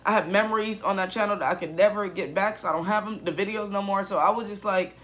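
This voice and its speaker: A young man in his twenties with a high, bright voice, talking in a casual vlog. He rambles and restarts, sounding shaken and emotional. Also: fast. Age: 20s. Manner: rambling, many fillers and restarts; upset, emotional. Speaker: YouTuber.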